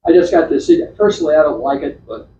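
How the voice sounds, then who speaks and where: A man's voice: on the high side, animated, fast, mellow, slight background noise. A man giving an informal slide talk at a club meeting, chatty and rambling, with many restarts and fillers. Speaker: club presenter. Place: meeting room. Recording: echoey, distant, dull club meeting recording.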